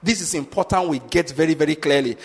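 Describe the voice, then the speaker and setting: Emphatic pastor in a reverberant hall. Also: male voice, on the high side, fast, creaky, breathy edge. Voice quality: emphatic, drives points home with repeated check-in questions. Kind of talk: sermon.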